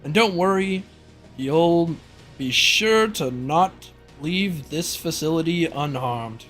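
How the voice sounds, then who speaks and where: A man voicing a smooth, scheming male official who reassures. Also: fairly high pitch, lively intonation, slow pace, a bit bright, soft background music. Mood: reassuring.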